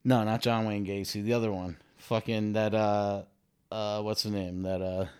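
A man's voice: fairly low pitch, flat delivery, moderate pace, a little mellow, clean tone. A man hosting a podcast, talking in a rambling, profane, comedic monologue. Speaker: podcast host.

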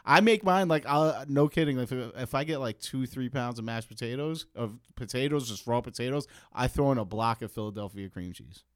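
A man's voice: mid-range voice, fairly quick, few pauses, no echo, clean studio sound. A man in his thirties hosting a podcast, chatting casually and swearing freely. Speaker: podcast host. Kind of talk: casual interview chat.

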